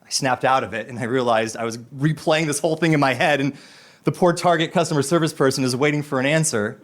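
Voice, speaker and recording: A man's voice: mid-range voice, quick pace. A man telling a personal story about his son on a podcast, acting out the voices of the people in it. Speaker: guest storyteller.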